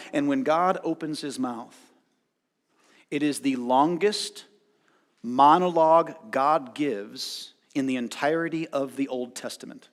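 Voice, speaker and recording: A male pastor preaching a sermon, retelling a story dramatically and acting out the voices with loud outbursts. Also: medium pitch, measured pace. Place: church hall. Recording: long hall reverb.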